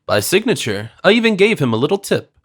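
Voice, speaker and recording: A man voicing a polite, flustered gentleman who answers questions eagerly. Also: sits high, very animated, a little fast, voice pushed up.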